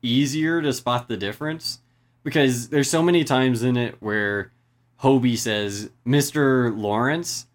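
A woman co-hosting a casual chat, retelling film scenes and slipping into quick voice impressions. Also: a bass voice. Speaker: podcast co-host.

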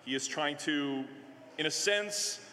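A male minister preaching a sermon in a conversational way, halting often with fillers and restarts. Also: a little high, bright, forceful tone, a little hiss or hum. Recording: echoey hall with long reverb.

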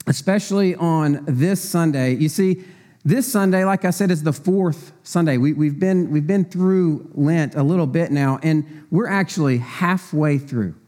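A man's voice: fairly high pitch, a little slow, warm tone. A middle-aged man preaching a sermon in church as a deacon, chatty and conversational, asking rhetorical questions with frequent fillers.

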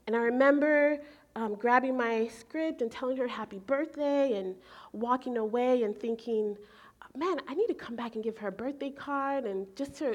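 A woman in her forties preaching, telling a personal story in an animated way and acting out her own thoughts. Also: a little high. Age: 40s. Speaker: pastor. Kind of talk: sermon storytelling.

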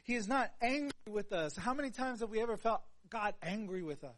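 Earnest guy preaching a sermon, high voice, goes quiet then gets loud. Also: brisk. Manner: earnest, swings between soft hushed passages and louder emphatic ones.

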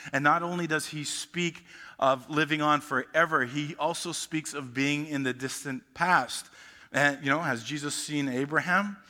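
A man's voice: medium pitch, sharp tone, in a large hall. A male pastor preaching a sermon emphatically, often restarting his sentences mid-thought.

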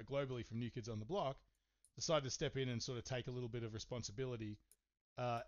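Male podcast host, casual chat, profane, rambling, mid pitch, slightly muffled sound. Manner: profane, rambling storytelling with many fillers.

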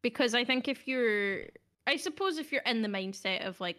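A woman's voice: fairly high pitch, expressive, moderate pace, sharp tone. A young adult woman, hosting a podcast in a casual, hesitant, self-deprecating way, with many ums. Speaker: podcast host. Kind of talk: casual chat.

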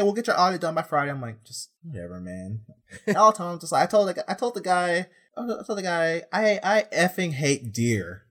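A young man, a prison officer, telling a rambling, exasperated story in casual chat with deadpan asides. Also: mid-range voice.

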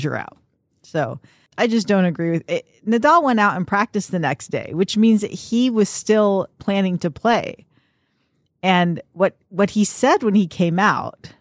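A woman co-hosting a casual podcast chat, wry and quick to laugh. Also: mid-range voice, no room sound, studio quality. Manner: laughs often, wry asides. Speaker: podcast co-host.

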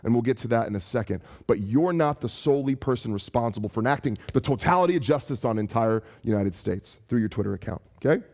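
A man's voice: mid-range voice, fast talker, few pauses. A man preaching a conversational sermon, acting out quoted voices and putting questions to his listeners, with frequent restarts. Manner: animated, acts out quoted voices and asks the audience questions; frequent restarts and casual fillers. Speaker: pastor.

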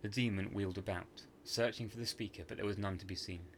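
A man narrating a scripted horror story for a podcast in a measured, hushed dramatic manner. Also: lowish voice, steady tone, a little hiss or hum.

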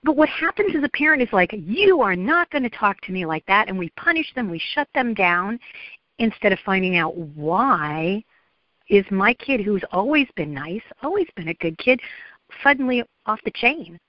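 A woman's voice: mid-range voice, lively intonation, moderate pace, no room sound, dull audio. A middle-aged woman therapist talking earnestly in a podcast interview, with frequent ums and acted-out quotes. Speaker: therapist and guest.

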